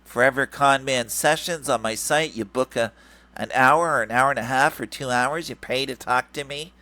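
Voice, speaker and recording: A man's voice: mid-range voice, normal speed, pushed and bright, dry recording, natural voice. A man putting on a mocking nasal voice for a greedy, whiny male grifter who keeps begging for money. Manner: mocking, sing-song and repetitive. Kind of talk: mocking impression.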